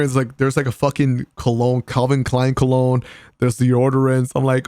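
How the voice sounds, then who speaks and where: A gaming content creator telling a casual vlog story about a party, excitable and profane, often laughing and using slang. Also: male voice, mid-range voice, fast talker, dry recording, clean studio sound.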